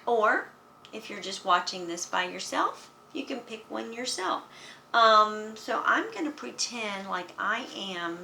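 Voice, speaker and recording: A woman music teacher giving a children's music lesson, speaking in a gentle, encouraging way to young children. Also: medium pitch, lively intonation, a little slow, creaky, a little hiss or hum.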